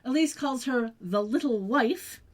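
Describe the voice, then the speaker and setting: A woman co-hosting a podcast, retelling a TV episode in relaxed, agreeable casual chat. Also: high voice, unhurried. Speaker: podcast co-host.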